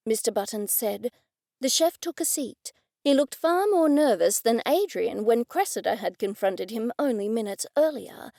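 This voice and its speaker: Woman, audiobook narration, measured, slightly high, gravelly. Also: expressive, mellow, dry recording, clean studio sound. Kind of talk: scripted first-person narration.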